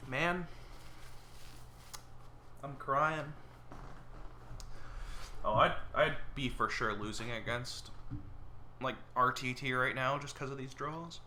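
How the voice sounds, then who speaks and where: A man's voice: mid-range voice, takes it slowly, pauses often, sharp tone, slight background noise. A man giving casual, muttering commentary while he plays a card game online, with sarcastic outbursts at bad draws. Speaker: gameplay streamer.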